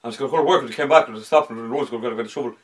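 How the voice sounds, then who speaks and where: A man's voice: low-pitched, quick pace, gravelly, a bit bright, exaggerated voice. A man voicing a rural man who mumbles and runs his words together. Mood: gabbling. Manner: gabbling, words run together.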